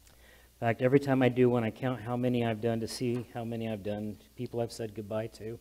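A male pastor giving a heartfelt memorial sermon in a church, talkative and loud by his own account, often restarting his sentences. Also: medium pitch, level tone, a little fast. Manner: talkative, self-described loud, frequent restarts. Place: church sanctuary. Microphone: amplified handheld or stand mic with monitor.

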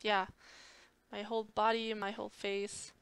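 Bright, slow-talking woman streamer. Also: medium pitch, gravelly, clear, resonant tone, no echo. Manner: relaxed, unhurried, answers viewer questions. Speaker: cooking streamer. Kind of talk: casual chat answering viewers. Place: home streaming setup lit by soft boxes and a ring light.

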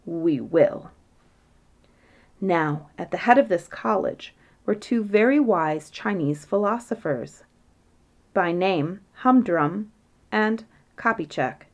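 A woman narrating a bedtime fairytale in a measured, gentle manner. Her voice is mid-pitched, and she keeps an even, unhurried storytelling pace.

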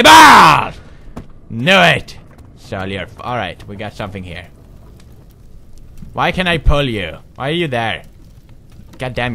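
A man giving goofy, jumpy commentary as he plays a horror game, with sudden loud outbursts. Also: fairly low pitch, slight background noise. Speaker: gaming commentator.

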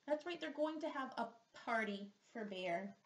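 A woman therapist reading a picture book aloud to young children, stopping to ask questions and to model speech sounds slowly and clearly. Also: on the high side, animated, background noise. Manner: slow, exaggerated sound modeling with questions to the listener. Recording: roomy echo.

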